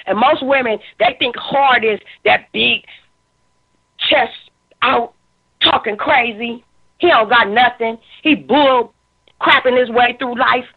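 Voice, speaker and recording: Woman, fifties, emphatic commentary, emotional, husky, tinny phone-line sound. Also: fairly high pitch, slow, pauses often. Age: 50s. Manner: emphatic, preachy, repeats words when stirred. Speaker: talk show commentator. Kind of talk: impassioned social commentary.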